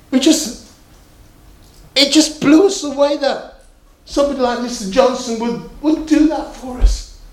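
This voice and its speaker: Unhurried preacher in an echoey room. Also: male voice, very high voice, darkish tone. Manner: storytelling, repeats key phrases for emphasis. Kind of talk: sermon.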